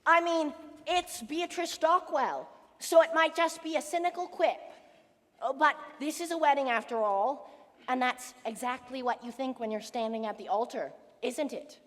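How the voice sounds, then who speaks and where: A chatty, lonely man in middle age confides his musings straight to the audience, as a young woman plays him on a school stage. The voice sits fairly high and carries a long hall reverb from the auditorium. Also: moderate pace, fairly bright tone. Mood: wistful. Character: lonely middle-aged male theatre fan, wistful and chatty. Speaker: narrator character. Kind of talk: school stage musical acting.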